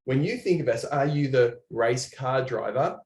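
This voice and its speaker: A man giving an online training presentation, animated and chatty, talking to viewers in the chat. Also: mid-range voice, moderate pace, roomy sound.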